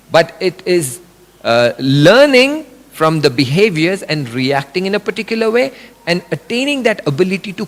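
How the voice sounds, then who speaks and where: A middle-aged man giving an animated religious lecture, explaining with examples. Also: on the high side. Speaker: religious speaker. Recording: long reverb of a hall.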